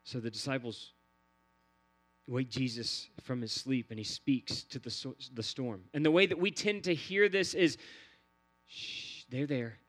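A man's voice: mid-range voice, moderate pace, fairly bright tone. A man preaching a sermon in an earnest, repetitive cadence, building phrase on phrase. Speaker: pastor.

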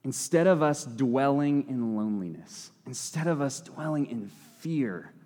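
A man's voice: mid-range voice, lively intonation, measured pace, darkish tone. A young man giving a casual sermon, talking conversationally with playful asides and frequent self-corrections. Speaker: lay preacher. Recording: long hall reverb.

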